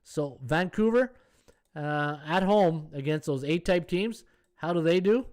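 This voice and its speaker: A man's voice: a little high, a little slow, darkish tone. A man hosting a sports betting podcast, chatting casually as he thinks aloud through the odds and reads out viewer comments. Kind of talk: casual live-stream analysis.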